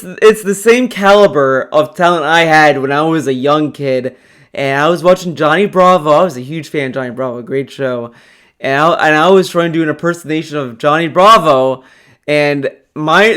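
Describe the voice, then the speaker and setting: Smooth-voiced man mocking a stream clip. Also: fairly high pitch, fairly bright tone. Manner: rambling, mocking, restarts and laughs. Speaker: commentary youtuber. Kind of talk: casual commentary over a stream clip.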